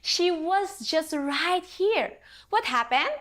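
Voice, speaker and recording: A woman's voice: very high voice, animated, slow pace, a bit bright. A woman narrating a scripted video clip in a wry, jokey way.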